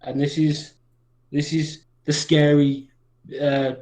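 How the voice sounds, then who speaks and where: A man playing a tabletop game, speaking excitedly in character and tripping over his words. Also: on the high side, slow pace. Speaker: player. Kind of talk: in-character tabletop role-play.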